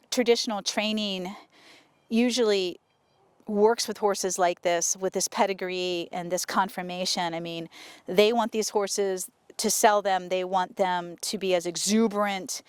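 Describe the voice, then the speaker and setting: A woman horse trainer talking casually to her viewers while working a horse outdoors, often breaking off to softly praise the horse. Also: mid-range voice, clear, resonant tone, dry recording. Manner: chatty, soothing praise to the horse. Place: outdoor arena.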